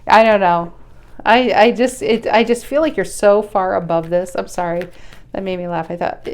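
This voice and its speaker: Woman, tarot reader, resonant clear voice, chatty, blunt, casual swearing, restarts sentences. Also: mid-range voice, a little fast, darkish tone. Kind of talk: casual tarot reading to camera.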